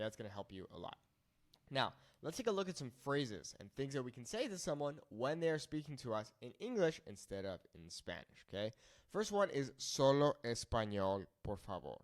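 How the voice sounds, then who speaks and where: Lively male Spanish teacher. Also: mid-range voice. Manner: lively, explains phrases slowly then repeats them. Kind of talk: casual video lesson.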